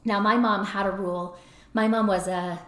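A woman's voice: medium pitch, fairly even intonation, normal speed. Middle-aged woman giving advice on a podcast, chatty, keeps saying right?, echoey room. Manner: conversational, frequent "right?" tag questions. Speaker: podcast host and counselor. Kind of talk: advice talk. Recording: roomy echo.

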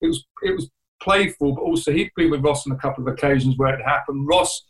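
A man's voice: fairly high pitch, huge pitch swings, poor audio. A man who is a guest telling a painful story in a conversational way, often restarting his sentences. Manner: rambling, halting retelling with many restarts.

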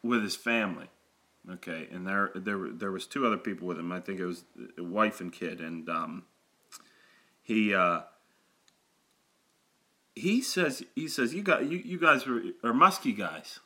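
Bright-voiced man telling a fishing story. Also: fairly low pitch, unhurried, long pauses. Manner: animated, laughing, repeats words when excited. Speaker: podcast co-host. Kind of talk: casual storytelling chat.

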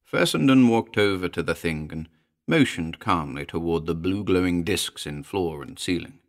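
A man reading a first-person story aloud as an audiobook narrator, in a measured storytelling manner. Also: low-pitched, expressive.

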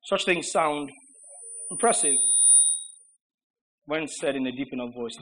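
A man preaching a sermon, emphatic and rhetorical, with mocking repetition that swings between shouted lines and low asides. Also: measured pace, pauses often, a little hiss or hum, rough recording.

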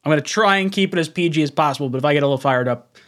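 A young man hosting a casual fan livestream, excitable, laughing often and reading chat messages aloud. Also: a little high, racing. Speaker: livestream host.

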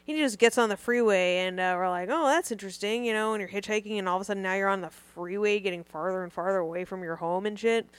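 A young woman co-hosting a comedy podcast, telling a wild story in a profane, animated way. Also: mid-range voice, fast talker, few pauses, smooth, no echo. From Southern California. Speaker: podcast co-host. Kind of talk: casual comedy podcast chat.

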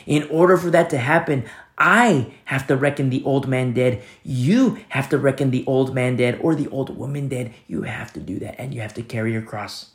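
A man preaching a sermon as pastor, earnest and repetitive, often dropping to a soft hush. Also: mid-range voice, moderate pace, echoey room.

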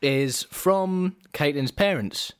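A man's voice: fairly high pitch, slow pace, smooth. A man from England co-hosting a casual podcast, trading dry jokes and banter. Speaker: podcast co-host.

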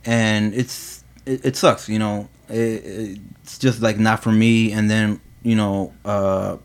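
Casual male coworker, low voice, rambling and filler-heavy. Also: flat delivery, slow pace. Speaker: employee. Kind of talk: casual chat.

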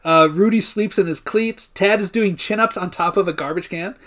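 A man's voice: high-pitched, normal speed. Profane rambling man recapping a movie. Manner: rambling, profane, laughs often, acts out lines in loud voices. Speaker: podcast co-host. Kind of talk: casual chat recapping a movie.

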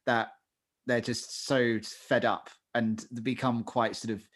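A man's voice: mid-range voice, little pitch movement, takes it slowly, a bit bright. A man chatting on a podcast in a mid-range voice. His talk is casual and rambling, with plenty of fillers and corrections along the way. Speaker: podcast co-host. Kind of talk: casual chat.

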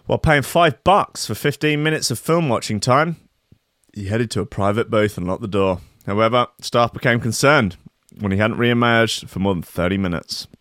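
A man's voice: lowish voice, moderate pace, fairly bright tone, no room sound. A man hosting a video, reading out news stories with dry, sarcastic and rambling asides. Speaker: video host.

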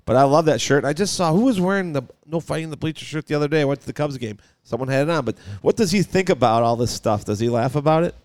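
A man's voice: on the high side, lively intonation, quick pace, few pauses, darkish tone, no echo. Eager male interview host, dry sound. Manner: eager, piles on follow-up questions. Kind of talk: casual interview chat.

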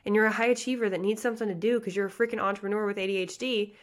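A woman's voice: mid-range voice, steady tone. Passionate thirty-something woman coach. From Midwest of the US. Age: 30s. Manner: passionate, fast, chatty with many likes and you guys. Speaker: pageant coach and podcast host. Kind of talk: motivational podcast talk.

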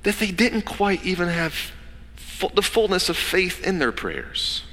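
A man preaching a sermon as pastor, telling the story with lively asides and acting out the people in it. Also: sits high, big-room sound. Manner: animated storytelling, acting out characters in quick asides.

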